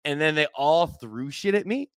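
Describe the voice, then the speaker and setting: A man co-hosting a casual podcast, telling rambling, animated anecdotes with profanity. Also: fairly high pitch, moderate pace, clear, resonant tone, no echo, clean studio sound. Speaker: podcast co-host, former team manager.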